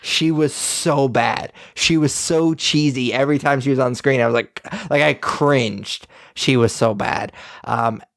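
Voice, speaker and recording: A man's voice: medium pitch, unhurried, fairly bright tone, no echo, clean studio sound. A young man co-hosting a podcast, giving blunt, rambling opinions in casual review chat. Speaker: podcast co-host.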